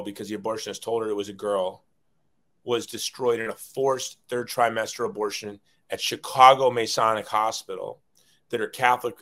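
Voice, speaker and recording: Man, middle-aged, lowish voice, earnest rambling storyteller, repeats himself, interview guest. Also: a bit bright. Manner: earnest, rambling, repeats words when moved.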